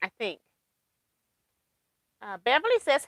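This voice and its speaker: A woman's voice: sits high, moderate pace, pushed and bright, no room sound. A woman hosting a casual quilting livestream, chatting and laughing as she reads viewer comments aloud.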